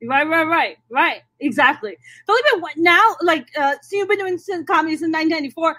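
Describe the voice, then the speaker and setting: A woman's voice: extremely high pitch, animated, brisk, pushed and bright. A woman comic hosting a casual interview, blunt and laughing easily, with frequent swearing. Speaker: host and stand-up comic.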